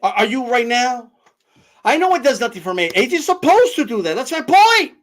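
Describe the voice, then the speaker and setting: A man's voice: very high voice, very animated, normal speed. A man streaming live, ranting heatedly and mockingly about boxing with constant profanity.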